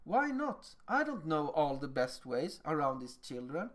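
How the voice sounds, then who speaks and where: A man with a Swedish accent giving a lecture on teaching, animated and acting out little dialogues with children. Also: on the high side, measured pace.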